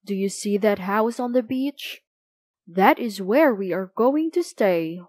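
A woman voicing a gentle bear father in a children's storybook, speaking plainly and calmly. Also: mid-range voice, slow, no room sound.

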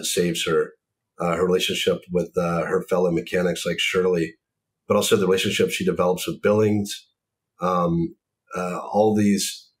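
Deep-voiced man, thoughtful, measured. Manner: thoughtful, measured, frequent ums. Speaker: author and series creator. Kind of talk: casual discussion.

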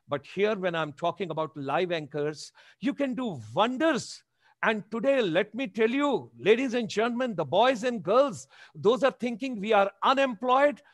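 A man's voice: high-pitched, no room sound, clean studio sound. A man in his seventies with an Indian accent, giving a motivational webinar talk with emphatic, repeated exhortations over a video call. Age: 70s. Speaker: motivational speaker.

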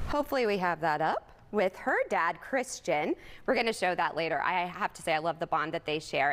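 A woman's voice: on the high side, a bit bright, long reverb tail. A woman hosting a morning TV show, bubbly and sentimental, speaking. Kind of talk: upbeat morning TV presenting.

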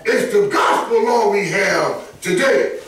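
A man preaching a sermon, emphatic and animated, often rising into shouts and chuckling between points. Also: high-pitched, slow pace, gravelly, some chatter behind. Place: church sanctuary. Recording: echoey church from far off.

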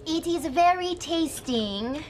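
An actress playing a polite Thai woman visitor who speaks halting, broken English with a Thai accent in a TV drama. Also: extremely high pitch, lively intonation, heavily acted. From Thailand. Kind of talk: TV soap drama acting.

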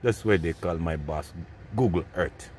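A vlogger with a Jamaican accent walks a street at night, chatting casually into the phone he carries. His voice is low-pitched, unhurried, and darkish, with a little hiss or hum, as he rambles and laughs in patois.

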